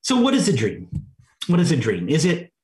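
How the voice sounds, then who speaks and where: A man preaching a sermon, reflective and halting, with fillers and restarts. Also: a little high, huge pitch swings, darkish tone. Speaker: pastor.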